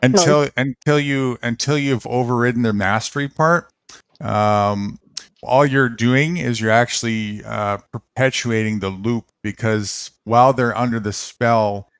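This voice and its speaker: A man in casual conversation who explains things in a measured way, pausing on fillers as he builds his points. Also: medium pitch, smooth, dry recording, clean studio sound.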